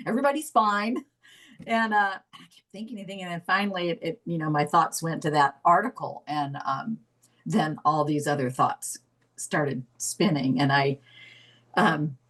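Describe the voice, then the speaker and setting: A middle-aged woman telling her story as a therapy volunteer, tearful, halting and apologetic with many restarts. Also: sits low, a bit bright, poor audio. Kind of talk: emotional personal account.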